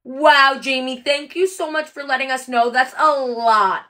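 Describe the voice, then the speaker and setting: A woman's voice: high voice, fairly even intonation, unhurried, pushed and bright. A woman hosting a casual livestream as she packs orders, chatty and upbeat, with frequent ums and likes. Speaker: livestream host packing orders.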